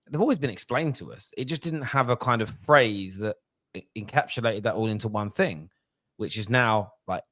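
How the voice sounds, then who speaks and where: A man from England hosting a casual football podcast, animated and ranting, swearing freely. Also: lowish voice, dry recording. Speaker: podcast host.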